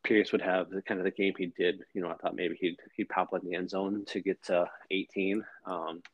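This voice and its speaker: A man's voice: low voice, level tone, brisk, no echo, highs cut off. A man in his thirties co-hosting a fantasy football podcast, rambling in casual chat with lots of fillers and swearing.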